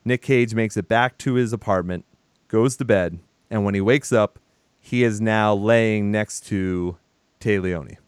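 A man's voice: lowish voice, measured pace, smooth, no room sound. A man recapping a film in casual chat, animatedly acting out the characters' lines. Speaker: podcast co-host.

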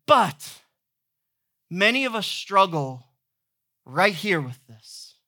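A man's voice: high-pitched, big pitch swings, slow pace, bright, forceful tone. A man in his thirties preaching a sermon as pastor, telling stories in a playful, humorous way. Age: 30s.

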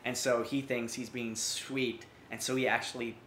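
Rambling, animated podcast co-host, man. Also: medium pitch, moderate pace, a little hiss or hum. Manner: animated, rambling retelling with many restarts and fillers. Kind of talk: casual chat. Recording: roomy echo.

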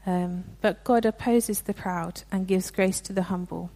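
A woman's voice: mid-range voice, steady tone, a little slow, dark tone. A young woman giving a sermon in a conversational, earnest way, with frequent restarts. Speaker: preacher.

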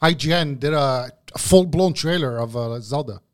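A man's voice: medium pitch, moderate pace. A man from Canada co-hosting a podcast, teasing and cracking crude jokes in casual banter. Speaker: podcast co-host. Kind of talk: casual chat.

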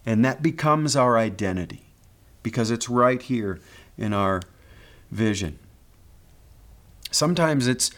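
A man's voice: medium pitch, expressive, unhurried. Earnest male pastor preaching. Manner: earnest, pastoral, repeats words while building a point. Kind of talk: sermon.

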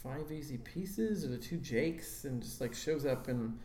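A man's voice: mid-range voice, expressive, a little slow, dark tone, slight background noise. A man co-hosting a casual film podcast, rambling through asides and fillers. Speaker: podcast co-host. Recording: roomy echo.

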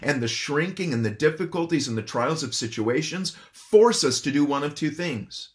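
A man's voice: a little high, animated, normal speed. A man preaching an expository sermon, earnest and emphatic, asking his listeners questions. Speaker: pastor.

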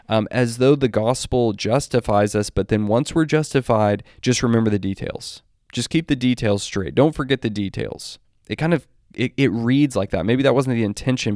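A man with a fairly low voice delivers earnest, scripted commentary on preaching. He talks emphatically and slows right down to press his main points. The sound is dry and close, with no room around it. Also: darkish tone, no room sound. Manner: earnest, emphatic, with deliberate slowed stresses. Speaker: Christian commentator.

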